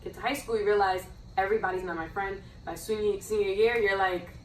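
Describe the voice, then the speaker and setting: A woman speaking in a relaxed, reflective way during a casual chat. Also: medium pitch, fast talker. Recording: roomy echo, distant mic, faint noise.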